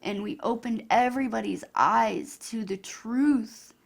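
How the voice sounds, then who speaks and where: Gushing woman vlogger with heavy vocal fry. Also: a little high, a little slow. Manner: gushing, emotional, chatty. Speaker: YouTuber. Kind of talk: casual vlog commentary.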